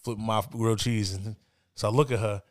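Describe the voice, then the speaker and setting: A man's voice: lowish voice, brisk. Laid-back man telling a story. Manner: laid-back, slangy, animated when quoting others. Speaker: podcast co-host. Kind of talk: casual storytelling. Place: indoors, podcast setting.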